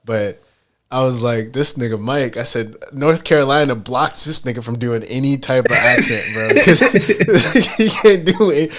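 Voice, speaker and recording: Man, podcast co-host, casual storytelling, heavy slang, lots of fillers, animated. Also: mid-range voice, unhurried. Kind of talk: casual chat.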